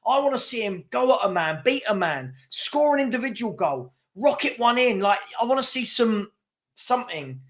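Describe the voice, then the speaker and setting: A man's voice: very high voice, big pitch swings, moderate pace, fairly bright tone. A young man hosting a live football watchalong, calling the play and ranting at his chat. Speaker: watchalong host. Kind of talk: live match commentary and chat.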